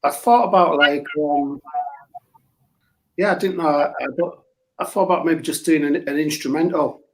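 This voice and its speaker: A man's voice: a little high, moderate pace. A man, a guest musician chatting in a rambling, self-mocking, hesitant way. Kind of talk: casual chat.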